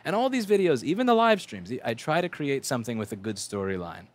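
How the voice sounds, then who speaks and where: A man's voice: medium pitch, very animated, brisk. A man talks off the cuff on a livestream from his repair bench, blunt and profane. He stops and restarts sentences and leans on fillers, in a mid-range voice. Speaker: livestream host and repair technician. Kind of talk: rambling casual livestream talk. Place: repair shop workbench.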